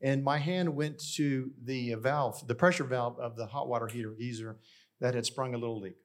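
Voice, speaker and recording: A man's voice: mid-range voice, fairly even intonation, normal speed. A middle-aged man preaching to his congregation, telling a personal story in a conversational way and speaking to them directly. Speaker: pastor. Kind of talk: sermon.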